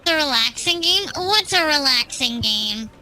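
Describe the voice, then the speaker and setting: A woman's voice: high voice, animated, moderate pace, sharp tone, poor audio. A woman streaming at home with a cat on her lap, chatting playfully and greeting her viewers one by one. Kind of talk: casual live-stream chat.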